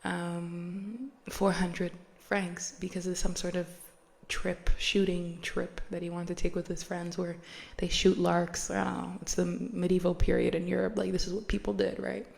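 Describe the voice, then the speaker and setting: Woman, podcast host, chatty slangy storytelling, gravelly voice, laughs often. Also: lowish voice, flat delivery, normal speed, darkish tone. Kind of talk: casual storytelling retelling.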